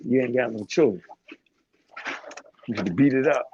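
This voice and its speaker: A man's voice: mid-range voice, moderate pace, mellow, highs cut off, slight background noise. A man co-hosting a casual talk, bantering in slang and laughing often. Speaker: co-host.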